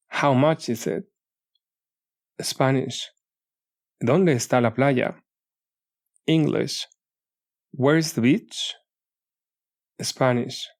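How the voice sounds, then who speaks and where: A man narrating a language lesson audiobook, reading paired example phrases in a measured way. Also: mid-range voice.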